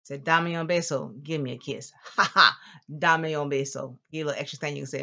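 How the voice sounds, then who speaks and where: Woman, low-pitched, an upbeat classroom teacher drilling vocabulary, with a muffled lo-fi sound. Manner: lively, drills words slowly for the class to repeat. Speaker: Spanish teacher. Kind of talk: classroom language lesson.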